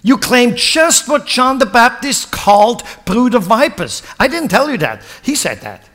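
A man's voice: very high-pitched, big pitch swings, unhurried, a bit bright. A male pastor preaching a sermon, dramatic and acting out the voices of people in the scripture. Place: church hall. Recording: long reverb of a church hall.

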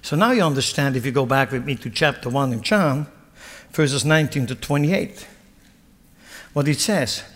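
A man's voice: medium pitch, expressive, normal speed, a bit bright. A male pastor preaching a sermon, dramatic and acting out the voices of people in the scripture. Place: church hall. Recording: long reverb of a church hall.

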